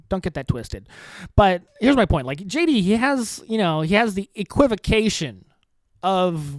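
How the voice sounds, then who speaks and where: A man's voice: fairly high pitch, no echo. A man hosting a podcast, rambling through political commentary in a profane, sarcastic way and laughing often. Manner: profane, sarcastic, laughs often, puts on mocking voices in quotes. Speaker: podcast host.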